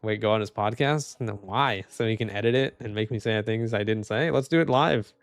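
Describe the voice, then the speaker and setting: A man's voice: lowish voice, fairly quick, dry recording. A young man streaming live, making casual commentary as he reads posts and keeps laughing and saying "dude". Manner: laughing, mocking, says dude a lot.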